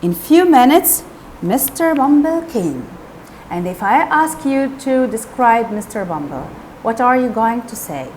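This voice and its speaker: A woman's voice: on the high side, a little slow, slight background noise. A woman teacher, retelling a novel to schoolchildren and explaining words along the way. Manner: expressive, explains words to pupils.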